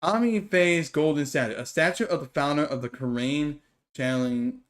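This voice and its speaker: A streamer playing a game who reads every character's dialogue aloud in one voice and breaks off for quick asides to viewers. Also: mid-range voice, heavy background noise. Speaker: let's play streamer. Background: game music.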